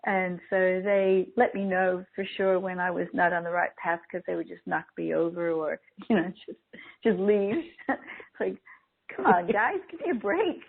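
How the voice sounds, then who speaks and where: A woman's voice: fairly low pitch, flat delivery, normal speed, creaky. A middle-aged woman, a guest on an interview show, telling stories in a chatty way and laughing often. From Australia. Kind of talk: casual storytelling interview. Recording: tinny phone line.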